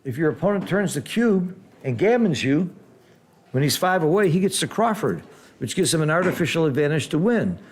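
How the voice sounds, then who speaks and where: A man commenting live on a board game match, reacting loudly to big swings and then explaining the strategy patiently like a teacher. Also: fairly high pitch, fairly quick. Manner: excitable, exclaims loudly at big rolls, then explains calmly.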